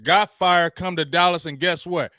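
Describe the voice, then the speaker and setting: Male host, heated mocking sports rant, bright forceful tone, close dry mic. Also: high-pitched, steady tone, moderate pace, no echo. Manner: heated, mocking, barking dog noises, slangy. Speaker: show host.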